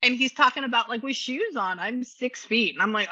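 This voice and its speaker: A woman's voice: a little high, fairly quick, few pauses, bright, forceful tone, no room sound, dull audio. A woman working as a psychic medium, chatting animatedly with a client and often laughing. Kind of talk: reading session with a client.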